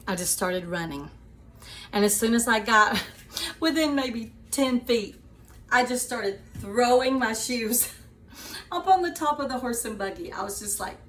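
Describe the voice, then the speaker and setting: A woman hosting her own show, telling a personal story to her viewers in a chatty, animated way, often laughing and calling them sweeties. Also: on the high side, a little slow. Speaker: show host.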